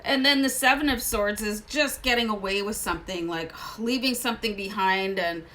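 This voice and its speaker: A woman's voice: mid-range voice, moderate pace, fairly bright tone. A woman living in Canada hosting a casual tarot card reading, talking in a chatty, rambling way with many asides. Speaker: tarot reader.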